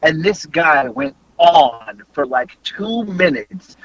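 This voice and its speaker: A man with a high, bright voice and a husky edge tells a story on a podcast. His pitch jumps around as he talks, and he swears and laughs his way through the tale. The sound is dry and close. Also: expressive, slow, no echo, highs cut off. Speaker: podcast host. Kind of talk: casual storytelling chat.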